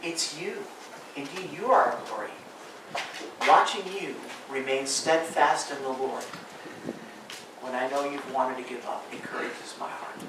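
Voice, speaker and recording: A man preaching a sermon as pastor, pleading earnestly with his congregation, then dropping to quiet asides. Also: mid-range voice, measured pace. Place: church sanctuary. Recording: very echoey room, voice from far off, audible noise.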